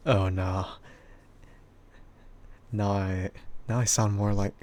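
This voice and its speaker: A man with a husky, bassy voice chatting casually with stream viewers and laughing often between remarks. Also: fairly even intonation, slow, pauses often, darkish tone. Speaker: VTuber streamer.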